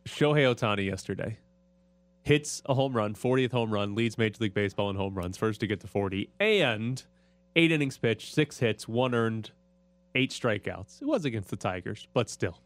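A man's voice: on the low side, expressive, moderate pace, no room sound. A man co-hosting a casual sports chat, rattling off statistics and teasing his co-host.

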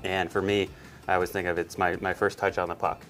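A man, a hockey player, giving a relaxed, easygoing interview. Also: fast, soft background music. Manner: relaxed, low-key, easygoing. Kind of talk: casual interview.

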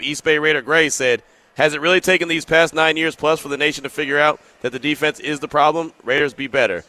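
A man's voice: fairly high pitch, bright, forceful tone. A man hosting a sports talk show, giving earnest commentary and reading out listener texts. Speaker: sports radio host.

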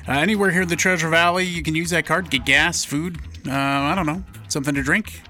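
A man's voice: on the high side, steady tone, fast, pushed and bright, faint music behind. A man co-hosting a morning radio show, laid-back and laughing, telling stories loosely in a studio. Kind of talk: casual morning radio banter.

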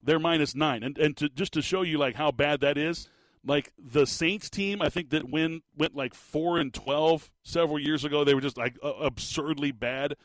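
A man hosting a casual sports talk show, rambling and animated with lots of restarts. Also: on the high side, moderate pace, no room sound. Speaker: sports podcast host.

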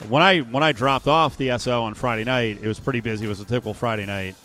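A man's voice: mid-range voice, fast talker. Radio guy rambling about sports and his day, jokey, a little music under him. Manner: animated, rambling, joking asides. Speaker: radio sports talk co-host. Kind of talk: casual sports radio banter.

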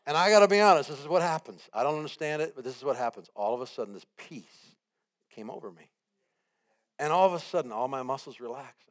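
A man gives a sermon as guest preacher, telling his story in an animated way and acting out what went through his head. He builds his points with repeated phrases that rise in emphasis. His voice sits at an ordinary middle pitch for a man. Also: quick pace. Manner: animated storytelling, acts out his own panic and quotes.

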